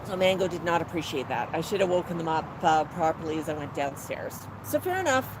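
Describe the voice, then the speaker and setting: A woman's voice: low-pitched, big pitch swings, fast. A woman host telling a rambling story casually on a phone live stream from an outdoor patio, with plenty of fillers. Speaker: pet parrot channel host. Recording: noisy outdoor phone recording.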